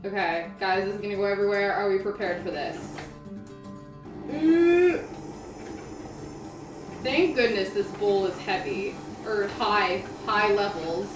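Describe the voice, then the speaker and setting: A woman's voice: medium pitch, steady tone, normal speed, few pauses. A giggly young woman chats away while she bakes at home. She rambles through asides in a casual vlog voice. Her voice echoes around the kitchen, and background music runs under it. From Canada. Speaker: baking vlogger. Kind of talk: casual chat while baking.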